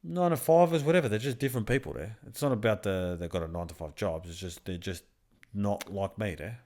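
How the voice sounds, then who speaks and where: A man's voice: on the low side, fast, a little mellow. A young man on a podcast, animatedly retelling a work story in casual, crude slang. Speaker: podcast co-host. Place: backyard.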